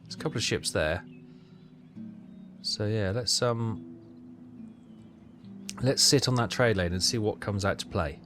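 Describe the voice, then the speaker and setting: A man giving casual commentary on a strategy game, thinking aloud with halting, self-correcting phrases. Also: lowish voice, fairly bright tone, soft background music. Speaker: gaming channel host.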